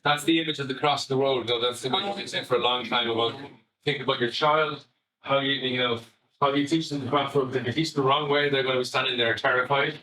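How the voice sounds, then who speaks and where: A man's voice: mid-range voice, fairly even intonation, fast, sharp tone. A middle-aged Irish man, a family psychotherapist, giving a chatty talk to parents full of anecdotes, asides and restarts. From Ireland. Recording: echoey room, far from the mic.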